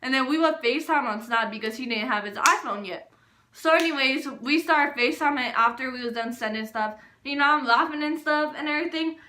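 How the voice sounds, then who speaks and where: A young woman casually telling a storytime vlog, animated and full of filler words. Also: high-pitched, fairly quick, echoey room. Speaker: vlogger.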